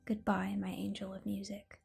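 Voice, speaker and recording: A woman voicing a gentle young female singer from a storybook, speaking softly and pleadingly. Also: mid-range voice, monotone, normal speed, creaky, over music. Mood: tender. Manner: soft, pleading.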